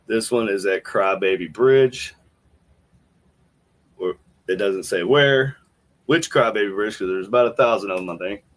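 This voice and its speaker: A man's voice: lowish voice, a little slow, pauses often. A man hosting a podcast, thinking aloud in casual commentary as he plays clips, rambling with restarts. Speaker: podcast host.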